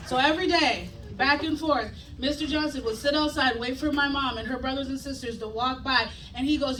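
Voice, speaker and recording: A woman performing a stand-up comedy set, telling a profane story loudly and acting out the voices. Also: high-pitched, a little fast, hardly any pauses, a little hiss or hum. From United States. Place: comedy club stage with live audience. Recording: echoey room, distant mic, loud crowd laughter. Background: audience laughing.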